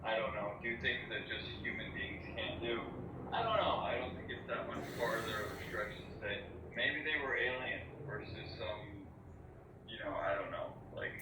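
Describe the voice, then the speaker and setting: A man's voice: lowish voice, expressive, normal speed. A man on a podcast thinking aloud, hesitant and searching for words. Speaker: podcast co-host. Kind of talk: casual chat. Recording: echoey, distant, muffled, noisy.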